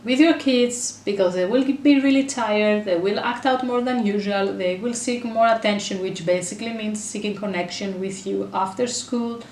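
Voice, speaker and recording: A woman giving parenting advice straight to her camera, earnest and chatty, breaking off for quick asides. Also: medium pitch, a little mellow, a little hiss or hum. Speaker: parenting vlogger and mother. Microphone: camera mic. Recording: echoey room, voice a bit far from camera.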